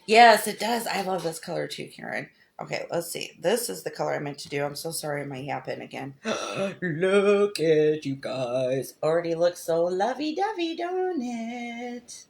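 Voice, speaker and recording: A woman's voice: on the low side, expressive, normal speed, vocal fry. A middle-aged woman hosts a crafting livestream, chatting affectionately and greeting viewers by name while she demonstrates.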